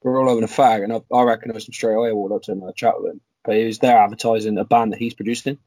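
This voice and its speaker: A young man, rambling quickly through a casual anecdote on a podcast. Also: fairly low pitch, fairly even intonation, darkish tone, no echo. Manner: rapid, rambling, swears casually. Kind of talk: casual chat, telling an anecdote.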